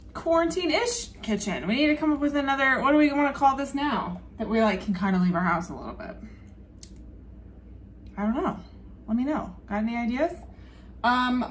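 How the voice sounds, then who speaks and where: A woman's voice: on the high side, a little hiss or hum. Chatty Southern woman in her kitchen. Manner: rambling, chatty, lots of ums and laughs. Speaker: cooking vlogger. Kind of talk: casual chatty cooking vlog. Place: home kitchen.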